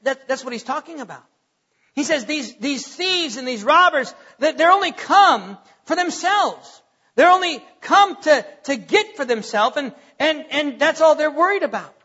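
A man's voice: extremely high pitch, expressive, normal speed, sharp tone. A man preaching as pastor of a church, earnest and repeating his words as he questions the congregation. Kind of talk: sermon. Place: church sanctuary. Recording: dull, muffled recording with long hall echo.

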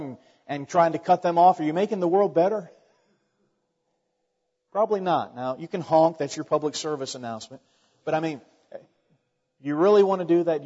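A pastor preaching a sermon in a conversational way, asking the congregation rhetorical questions and adding joking asides. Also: male voice, on the high side, darkish tone. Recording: dull long reverb in a large hall.

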